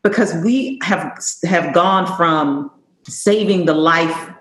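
A woman's voice: lowish voice, slow, a bit bright, echoey room, low-quality recording. A woman police chief answering on a panel, earnest and emphatic, often repeating words as she thinks.

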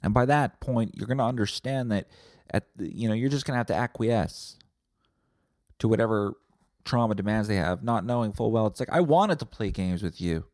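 A man's voice: on the low side, fairly even intonation, a little fast, a little mellow, no room sound, studio quality. A man hosting a comedy podcast, rambling from tangent to tangent with plenty of swearing. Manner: rambling, profane, tangent-hopping. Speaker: podcast host.

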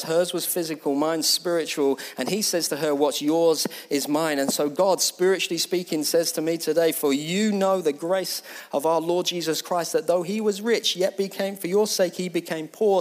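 Impassioned male preacher, fairly high voice. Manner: impassioned, rising in repeated phrases then dropping to a hushed near-whisper. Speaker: pastor. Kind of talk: sermon.

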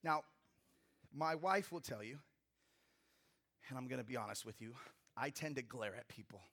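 Bright-voiced man preaching a sermon. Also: medium pitch, lively intonation, normal speed. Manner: preaching with big swings from loud to hushed; humorous personal asides to the congregation. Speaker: pastor.

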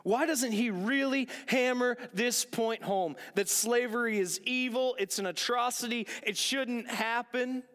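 A man's voice: very high-pitched, a little slow, few pauses, fairly bright tone. A man preaching a sermon as a pastor, earnest, repeating phrases for emphasis and asking rhetorical questions. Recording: long echoing hall reverb.

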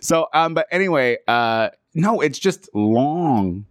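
A man's voice: fairly high pitch, lively intonation, takes it slowly, no echo, studio quality. A man, co-hosting a podcast, playful and teasing, laughing often. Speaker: podcast co-host, drag performer. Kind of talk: casual podcast banter.

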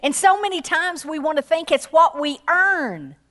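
A woman preaching a sermon with passion, acting out quoted voices and rising to high exclamations. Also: expressive, moderate pace, sharp tone. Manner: acts out quoted voices in her storytelling.

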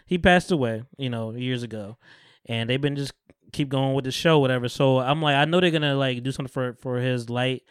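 A podcast host chatting casually, retelling a TV episode with lots of slang and acting out the characters' lines. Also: male voice, medium pitch, a little fast, clear, resonant tone, dry recording, clean studio sound. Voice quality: profane, loose slang-heavy delivery. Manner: animated storyteller, acts out characters' lines in voices. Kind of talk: casual chat recapping a TV show.

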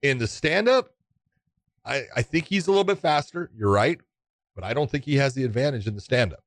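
A man's voice: medium pitch, lively intonation, brisk, no echo. A man co-hosting a casual chat, talking emphatically and ribbing his co-host while breaking down fights. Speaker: podcast co-host.

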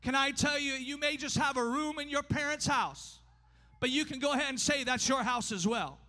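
A man preaching a sermon in a church, emphatic and often shouting, his delivery swinging between fast bursts and slow drawn-out lines. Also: very high-pitched. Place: church sanctuary. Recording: long hall reverb.

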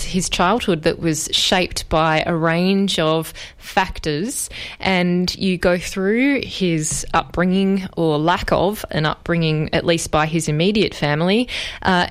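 A woman with a smooth, resonant voice pitched on the lower side hosts a history interview. She builds her questions slowly, circling through several points before landing on the ask. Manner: asks long, winding questions. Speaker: interview host.

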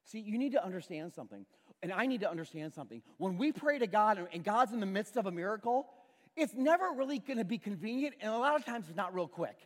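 Animated male pastor in echoing hall. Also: high voice, quick pace. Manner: animated storytelling, acts out characters and uses a prop. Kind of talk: sermon. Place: church sanctuary with audience. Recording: church hall with long reverb.

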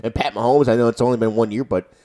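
A young man co-hosting a casual sports podcast, talking fast and getting loud and profane when he relives big plays. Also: medium pitch. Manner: excitable, swears and yells when reliving plays. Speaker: podcast co-host.

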